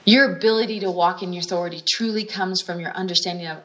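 A woman's voice: fairly low pitch, fairly even intonation, quick pace, fairly bright tone. A woman delivers a teaching sermon in a conversational, storytelling way. She drives points home by repeating phrases and often restarts her sentences as she goes. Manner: frequent restarts and brief laughs. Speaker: healing school teacher.

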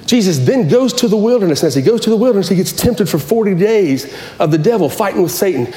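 A man's voice: sits high, expressive, fast, mellow, reverberant. A man preaching a sermon as pastor, impassioned and repetitive, often restarting his phrases.

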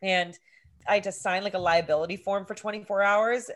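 A woman's voice: medium pitch, fairly quick. A woman in her thirties co-hosting a podcast, telling a story with lots of swearing and energy. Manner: animated storytelling, heavy swearing. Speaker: podcast co-host. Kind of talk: casual chat.

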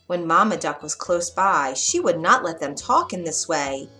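A woman reading a children's story aloud, gentle and expressive. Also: on the low side, moderate pace, hardly any pauses, soft background music.

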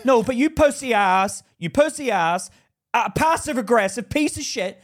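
High-pitched, lively profane male podcaster. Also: unhurried. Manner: animated, profane storytelling. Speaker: podcast co-host. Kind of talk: casual chat.

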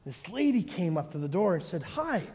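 Animated Kiwi pastor in an echoey hall. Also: male voice, a little high, a little fast. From New Zealand. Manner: animated, self-mocking storyteller. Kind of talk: sermon with personal storytelling.

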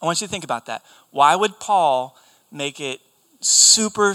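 Young male preacher, earnest and emphatic; bright, forceful tone. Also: a little high. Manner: earnest, emphatic, repeats key phrases. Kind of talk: sermon.

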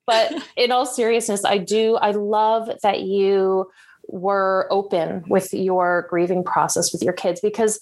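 A woman from New Jersey hosting an interview, responding in an affirming way with quick asides. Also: medium pitch, steady tone, darkish tone. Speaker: interview host. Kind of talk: conversational interview.

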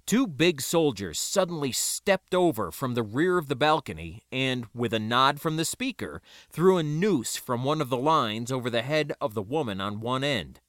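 A man narrating a first-person story aloud in an expressive reading. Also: mid-range voice, normal speed, few pauses, no echo, clean studio sound. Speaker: audiobook narrator.

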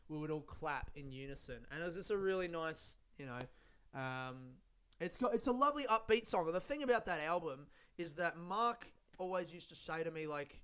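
A man's voice: a little high, fairly bright tone, clear, resonant tone. A man hosting a solo podcast on his own mic, rambling casually with lots of swearing and self-mockery. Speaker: podcast host. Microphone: studio-style podcast mic.

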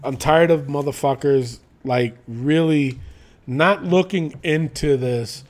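A man's voice: on the high side, takes it slowly. A man co-hosting a casual podcast, ranting and cursing as he talks. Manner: animated, ranting, profane. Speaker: podcast co-host. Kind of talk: casual wrestling podcast chat.

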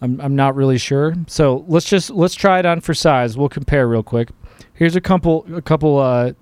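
A man's voice: on the high side, normal speed, a little mellow, clean tone, no room sound. A man hosting a political commentary show, talking casually in a mocking, exasperated, sarcastic way.

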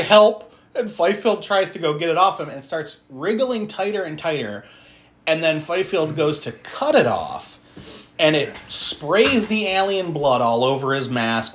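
A man talking through a movie plot with a lively, swooping voice. He laughs easily, swears freely and slips into quick character voices as he retells scenes. The talk is casual and loose among friends. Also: a little high, slight background noise. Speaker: podcast host. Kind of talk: casual movie recap chat.

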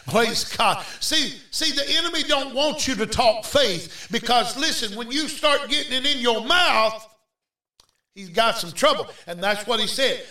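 A man preaching a fervent revival sermon, shouting and exhorting his listeners with repeated calls. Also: very high-pitched, moderate pace, distant mic. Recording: echoey room, voice off-mic.

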